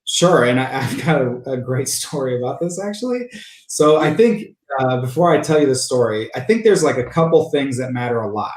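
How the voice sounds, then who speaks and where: A man's voice: medium pitch, moderate pace, slight background noise. Chatty man in an echoey room. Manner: animated, talks with many fillers and restarts. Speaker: podcast guest, sales engineering leader. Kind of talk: casual interview storytelling. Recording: roomy echo.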